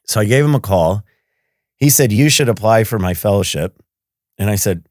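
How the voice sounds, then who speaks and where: A middle-aged man with a fairly low voice tells stories in a relaxed interview chat. He acts out both sides of conversations and laughs easily. The sound is close and dry, with no room echo. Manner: lively storyteller who acts out dialogue and laughs often. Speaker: surgeon guest. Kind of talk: casual anecdotal storytelling.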